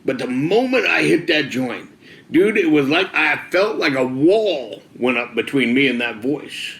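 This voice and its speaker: A man's voice: mid-range voice, lively intonation, unhurried, creaky, a bit bright. Ex-biker man sharing his testimony, laid-back and slangy, recorded in a reverberant room. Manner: casual, slangy, peppered with "dude" and "man". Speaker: former biker giving a church testimony. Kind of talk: personal testimony storytelling.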